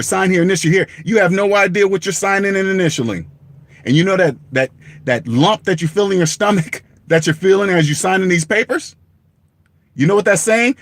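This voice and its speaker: Vlogger, male, high-ish voice, emphatic and profane, repeats points, dead-dry room. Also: dry recording. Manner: emphatic, repetitive, swears for emphasis, laughs at himself. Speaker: personal finance vlogger. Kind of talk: blunt direct-to-camera rant.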